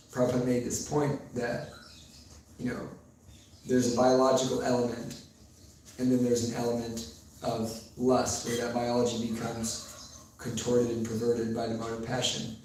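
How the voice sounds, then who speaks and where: A man giving a sermon in a temple hall, telling stories with pauses and fillers, recorded far from the mic in a very echoey room with faint noise. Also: medium pitch, darkish tone. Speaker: preacher.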